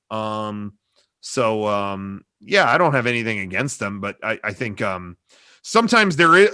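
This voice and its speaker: Over a video call, a middle-aged man who makes comedy videos rambles through interview answers, hedging and saying "you know" constantly. His medium-pitched voice is bright and forceful. It's a dry, studio-quality recording made on a wired desk mic.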